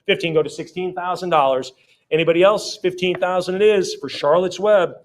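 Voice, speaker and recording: A man working as an auctioneer at a live sale, rattling off rising bids in quick repeated calls and breaking off for friendly asides about the items. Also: high-pitched. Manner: rapid repetitive bid calling with chatty asides.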